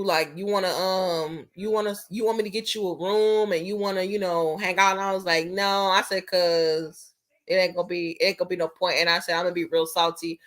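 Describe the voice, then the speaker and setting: A woman's voice: lowish voice, fairly bright tone. A young woman vlogger casually telling a story to her viewers, bluntly and animatedly, swearing freely and acting out both sides of a conversation.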